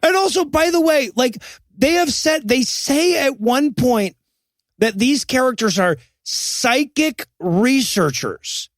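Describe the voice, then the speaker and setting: A man co-hosting a comedic movie review podcast, animated and mocking the film's lines. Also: very high-pitched, slow, dry recording. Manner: animated, mocks film lines with shouted quotes. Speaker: podcast co-host.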